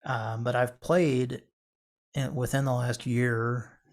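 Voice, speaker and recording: A man's voice: mid-range voice, steady tone, slow pace. Rambling chatty male podcast host. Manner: rambling, chatty, trails off and restarts. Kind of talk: casual chat.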